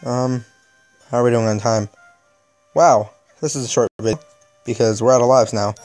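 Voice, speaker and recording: A man's voice: mid-range voice, fairly even intonation, normal speed, darkish tone, faint music behind. Sarcastic young man grumbling over a game. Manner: exasperated, sarcastic. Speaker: gaming video host. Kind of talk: casual gameplay commentary.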